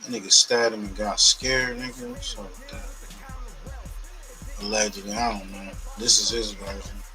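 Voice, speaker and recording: Bright-voiced slangy male host. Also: on the low side, unhurried, soft background music, rough recording. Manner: loose, slangy, profane chat. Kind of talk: casual commentary.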